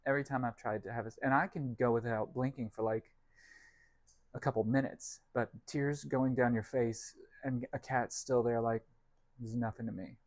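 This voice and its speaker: A man's voice: medium pitch, steady tone, moderate pace, dry recording. Rambling man chatting in a dry kitchen. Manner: rambling, self-deprecating, talks to his cats. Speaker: vlog host. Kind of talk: casual cooking vlog chat. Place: home kitchen.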